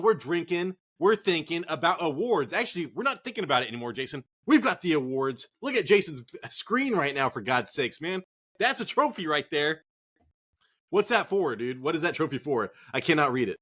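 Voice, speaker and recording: A man's voice: on the high side, very animated, a little fast, fairly bright tone, breathy edge. A man co-hosting a casual sports chat show, joking, laughing and swearing as he talks. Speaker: podcast co-host. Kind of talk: casual chat while drinking.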